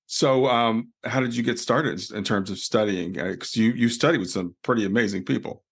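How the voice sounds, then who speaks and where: A man's voice: medium pitch, normal speed, creaky, breathy edge. A man hosting a podcast interview, giving short affirmations and asking open questions. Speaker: podcast host. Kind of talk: casual interview.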